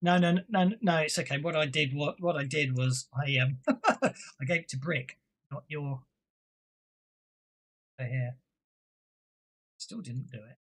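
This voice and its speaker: With a medium-pitched voice that takes its time and pauses often, a game master talks through an online tabletop session. He leans on fillers and mutters as he sorts out the software.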